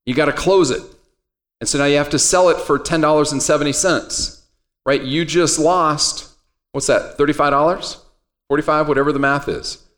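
A man with a fairly high voice lectures a trading class. He talks conversationally, quizzes his students and slips in everyday stories to make his points. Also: fairly bright tone. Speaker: trading instructor.

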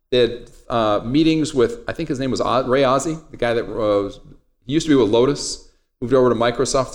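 A middle-aged man teaching a trading class in a conversational, digressive way, wandering into personal stories. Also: mid-range voice. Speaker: trading instructor. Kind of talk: classroom lecture.

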